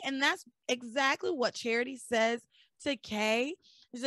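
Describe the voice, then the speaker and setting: A woman with a fairly high voice, recapping a soap in lively, sarcastic casual chat. The sound is dry and close, with no room around her. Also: a little slow, dry recording. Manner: animated storytelling with sarcastic asides. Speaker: podcast host recapping a soap opera.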